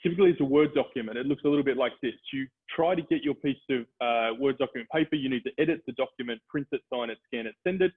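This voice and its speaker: An Australian man giving an energetic, upbeat webinar product presentation. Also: mid-range voice, fast talker, hardly any pauses, slightly rough. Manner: upbeat, energetic salesman delivery. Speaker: software company presenter. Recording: tinny phone-like call audio.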